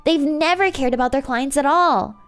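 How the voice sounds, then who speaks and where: Woman doing an indignant young shopkeeper lady, heated and accusing, higher and louder. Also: moderate pace, faint music behind, close to an everyday voice.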